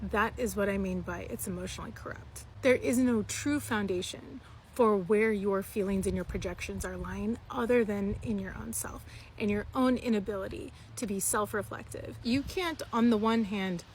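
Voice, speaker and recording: A woman's voice: mid-range voice, moderate pace, slight background noise. A woman speaking straight to camera in a blunt, scolding, lecturing way. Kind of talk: direct-to-camera commentary.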